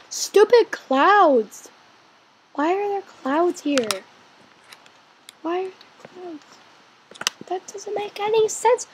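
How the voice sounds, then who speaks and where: A woman hosting a let's play, chatting excitably as she plays, cheering her character on and sometimes dropping into a whisper. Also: extremely high pitch, slow pace, long pauses. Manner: drops into whispers now and then. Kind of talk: gaming commentary.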